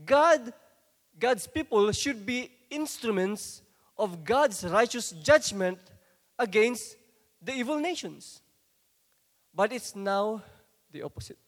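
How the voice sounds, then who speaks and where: A man preaching a sermon, dramatic in delivery and sometimes rising to forceful outbursts. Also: high-pitched, animated, takes it slowly, pauses often, in a large hall.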